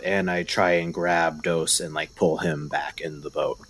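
A man's voice: sits low, level tone, takes it slowly, a bit bright. A man playing in a tabletop game, speaking hesitantly with many fillers. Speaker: player.

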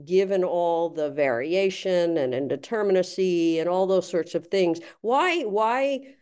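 A woman's voice: fairly low pitch, animated, a little slow, a little mellow, smooth. A woman hosting an interview, asking long, rambling questions full of fillers. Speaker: podcast host.

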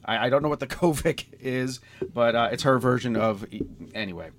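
A man's voice: medium pitch, fairly quick. A man with a nasal, congested voice from a sinus infection, hosting a casual podcast chat and laughing often. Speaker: podcast host.

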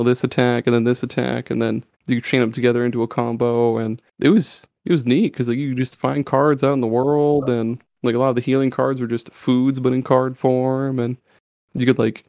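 A man's voice: mid-range voice, little pitch movement, a little fast, creaky, a little mellow, no echo, clean studio sound. A man hosting a podcast, chatting loosely with lots of swearing and stumbling restarts. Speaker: podcast host. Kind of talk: casual chat.

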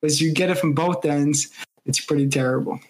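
A man co-hosting a relaxed podcast, his voice sitting a bit higher than most men's. He rambles through his opinions, throwing in quick asides and the odd "like". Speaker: podcast co-host. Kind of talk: casual podcast chat.

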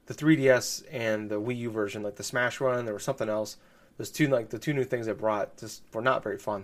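A man chatting casually about video games on a podcast, rambling with lots of fillers and restarts. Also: medium pitch. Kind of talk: casual gaming podcast chat.

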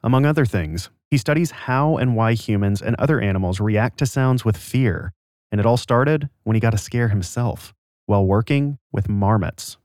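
A man hosting a podcast, giving scripted narration with a clear, even storytelling delivery. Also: lowish voice, normal speed, no room sound, clean studio sound. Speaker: podcast host.

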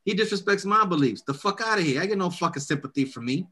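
A man hosting a casual chat, telling stories in a loud, profane, animated way and quoting other voices. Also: high-pitched, fast, husky.

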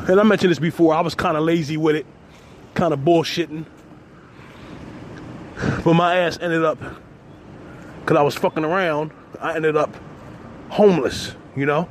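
A man with a slightly high voice talks loosely to his phone while walking a city street, tossing in "man" and "you know" as he goes. Traffic noise runs clearly underneath. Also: fairly even intonation, normal speed, long pauses. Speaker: vlogger. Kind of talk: casual walking vlog. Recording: noisy outdoor street audio.

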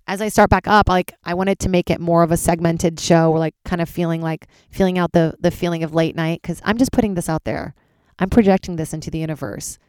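A woman stand-up comedian hosting her own podcast, rambling casually, swearing freely and jumping wildly in pitch. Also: smooth, no echo, clean studio sound. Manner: animated, swears freely, big jumps in pitch.

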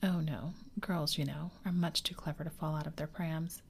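A woman's voice: low voice, fairly even intonation, moderate pace, a little hiss or hum. A woman whispering the part of a cheerful, boastful boy who never wants to grow up, in a whispered role-play. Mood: gleeful. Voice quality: breathy whisper. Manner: eager, boyish, carefree.

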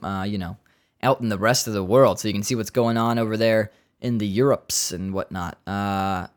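Joking, rambling podcast host man. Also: fairly low pitch. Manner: rambling, jokey, swearing, laughing at his own asides. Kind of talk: casual solo podcast chat.

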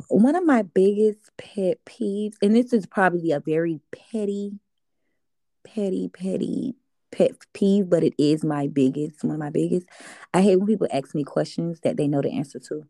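A young woman talks casually as an interview guest, easygoing and chatty, often laughing. Her voice sits on the low side for a woman. The sound is dry and close, with no room echo. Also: a little slow, warm tone. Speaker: guest artist.

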